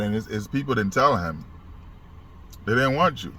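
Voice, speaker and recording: A man giving casual sports commentary outdoors, animated and repetitive, acting out the quoted dialogue in his story. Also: normal speed, pauses often. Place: outdoors by a street. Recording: loud street traffic noise. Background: traffic and car rumble.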